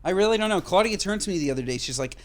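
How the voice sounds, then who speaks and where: A man in his thirties co-hosts a casual podcast, talking in an animated, jokey way with plenty of swearing. His pitch swings widely, from low mutters up to excited high notes. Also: racing. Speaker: podcast co-host. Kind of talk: casual chat.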